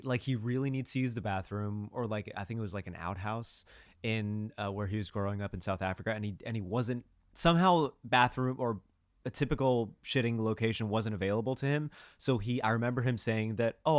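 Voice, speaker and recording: A man's voice: on the low side, a little fast, no echo, clean studio sound. A young man co-hosting a podcast, chatting in a rambling, jokey way with lots of fillers and restarts. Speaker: podcast co-host. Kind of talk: casual chat.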